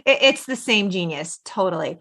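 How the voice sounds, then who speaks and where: A woman in her forties hosting a podcast, recapping a film in animated casual chat, quoting characters and laughing often. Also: medium pitch, normal speed. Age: 40s. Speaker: podcast host.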